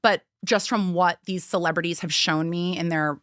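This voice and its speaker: A woman's voice: on the low side, steady tone, normal speed, fairly bright tone, no echo, studio quality. Chatty young woman podcast co-host. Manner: chatty, laughs often, explanatory. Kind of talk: casual chat explaining psychology.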